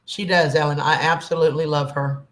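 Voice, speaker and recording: A woman's voice: low voice, steady tone, a little fast. A woman, chatting casually and affectionately with her livestream viewers and calling them honey. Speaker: livestream host.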